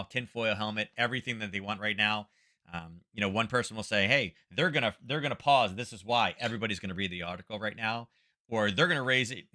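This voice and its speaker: Chatty low-voiced man rambling about trades. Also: pushed and bright. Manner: rambling, chatty, fillers and wry asides. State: headache from wildfire smoke. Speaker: trading livestream host. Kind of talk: casual market commentary livestream.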